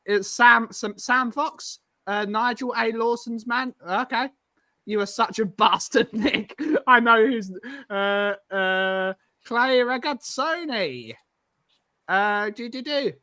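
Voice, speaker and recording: A man's voice: sits high, fairly even intonation, slow, sharp tone, no room sound, clean studio sound. A man hosting a live-stream game show podcast, reading out chat comments and bantering with co-hosts. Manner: reads chat comments aloud, laughing, bantering. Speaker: podcast host.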